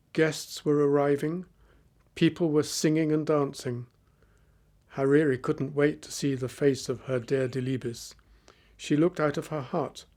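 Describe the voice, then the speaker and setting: Clear, steady male story narrator. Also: on the high side. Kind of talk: graded-reader story narration.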